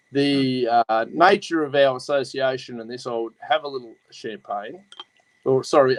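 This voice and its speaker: A man's voice: medium pitch, dry recording, poor audio. A man with an Australian accent hosting a casual chat, talking bluntly and swearing as he rambles. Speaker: host.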